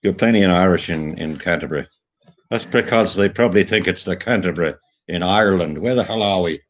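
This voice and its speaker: An Australian man in casual chat who rambles through joking, deadpan tall tales. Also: sits low, a little fast, muffled recording. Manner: joking, meandering, deadpan storytelling.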